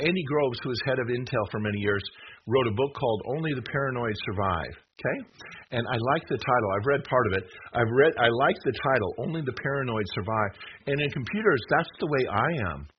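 A middle-aged man giving a rambling slide presentation, emphatic, with self-deprecating jokes and many restarts. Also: medium pitch. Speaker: presenter of a talk. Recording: muffled with steady background noise.

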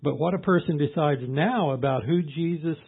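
A man preaching a sermon, reading scripture slowly and with emphasis, then explaining it in plain, conversational asides. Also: fairly high pitch, creaky, husky. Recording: tinny phone-like sound.

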